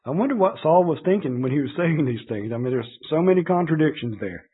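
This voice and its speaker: A man's voice: on the high side, animated, fast talker, husky. A man preaching a sermon, reading scripture verses aloud and explaining them in an earnest, conversational way with occasional fillers. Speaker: pastor. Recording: tinny phone-like radio broadcast.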